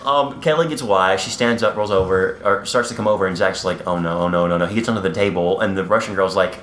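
A man's voice: fairly low pitch, quick pace, fairly bright tone, a little hiss or hum. A young man co-hosting a podcast, rambling through a casual movie recap with lots of fillers, recorded in an echoey room. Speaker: podcast co-host.

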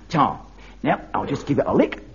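A man's voice: mid-range voice, sing-song, normal speed, slight background noise. An actor playing a breezy, cheeky odd-job workman with a blunt manner in a radio sitcom, heard on a dull archive recording. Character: cheeky Cockney odd-job workman, middle-aged man. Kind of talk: 1970s radio sitcom acting.

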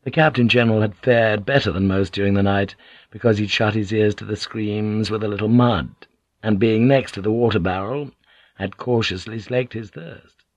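Male audiobook narrator, low-pitched, steady and grim in his delivery. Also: dry recording. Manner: measured, grim storytelling. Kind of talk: scripted narration. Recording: dull, lo-fi.

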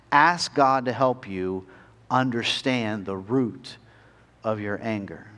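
A man preaching a sermon as a pastor, earnest, climbing to pleading peaks and then dropping soft and slow. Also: medium pitch.

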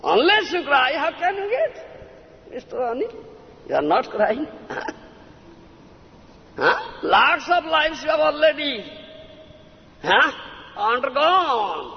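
A man's voice: extremely high pitch, creaky. A man, a spiritual teacher giving a devotional discourse, who keeps prompting his listeners with "Huh?" and "Understand?". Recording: lo-fi recording in a reverberant hall.

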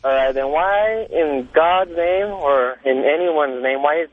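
Man, radio caller, husky, earnest, rambling, thin phone-line sound. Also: fairly high pitch, slow, dry recording. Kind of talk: call-in talk radio.

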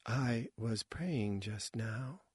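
A man's voice: mid-range voice, big pitch swings, measured pace, husky, no echo, studio quality, full character voice. A man voicing a tiny, severe, pious woman. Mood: grave. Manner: hushed, grave, clipped.

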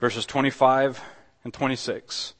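A man delivers a sermon in an everyday, talky way, with a voice of ordinary middle pitch. He trips over repeated words and restarts his sentences. On the key lines he builds up and gets louder. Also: steady tone, unhurried. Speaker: pastor.

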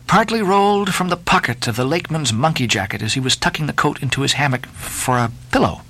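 A man's voice: medium pitch, poor audio. A man giving a dramatic, theatrical reading of a classic novel as an audiobook narrator. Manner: expressive, theatrical storytelling.

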